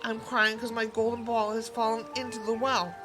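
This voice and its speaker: A woman's voice: on the high side, little pitch movement, moderate pace, lightly acted, poor audio. A spoiled young storybook princess, voiced by a woman reading aloud, whiny and emphatic as she makes her excuses. The voice sits close to the reader's own, with music playing behind. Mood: scornful.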